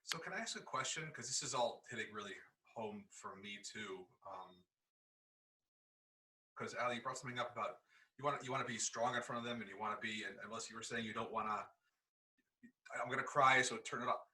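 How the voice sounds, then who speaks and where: A man with a fairly low, very bright and forceful voice, sounding distant from his mic on a video call. He thinks aloud earnestly as he puts a question to the group. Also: fast. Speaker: educator and father. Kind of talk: casual video-call chat.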